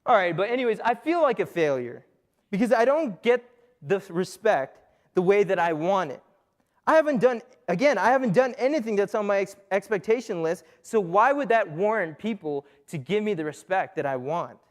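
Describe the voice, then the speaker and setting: A man's voice: high voice, expressive, normal speed. A young man giving a conversational, joking sermon to a young crowd, asking himself questions and using many fillers. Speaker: youth speaker. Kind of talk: casual sermon talk.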